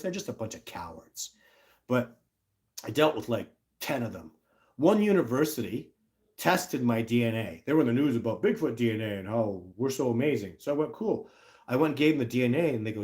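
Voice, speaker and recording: A middle-aged man with a voice of ordinary pitch tells a story on a livestream. He rants bluntly and acts out other people's lines in mocking voices. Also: darkish tone. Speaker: livestream host.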